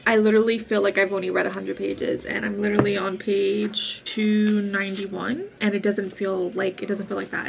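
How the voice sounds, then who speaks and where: A woman's voice: fairly high pitch, gravelly, a little hiss or hum, poor audio. A woman book vlogger talking casually and emotionally, gushing and rambling about a book she is reading.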